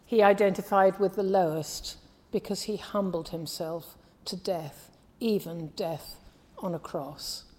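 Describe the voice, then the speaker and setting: A woman with a Midlands English accent and a lowish voice preaches a sermon, measured and earnest, her phrases often fading softly at the end. A long hall reverb surrounds the recording.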